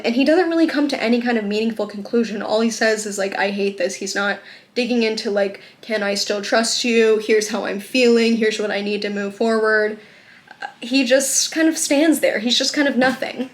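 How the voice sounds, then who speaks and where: A woman hosting a video, giving casual, chatty and sarcastic commentary on a TV episode. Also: on the high side. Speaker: video host.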